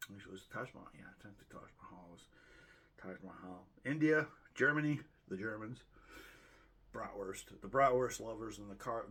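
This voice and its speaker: A man's voice: lowish voice, a bit bright, slightly rough. A man with a Boston accent hosting his own channel, rambling casually through his yearly viewer stats and correcting himself as he jokes. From Boston, United States. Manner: rambling, self-correcting, joking. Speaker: channel host. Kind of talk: casual year-end stats review.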